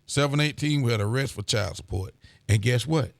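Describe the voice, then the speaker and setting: A man, a sheriff hosting a casual local show, relaxed and folksy as he reads out viewer greetings. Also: mid-range voice, fairly quick, vocal fry. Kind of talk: casual call-in style show chat.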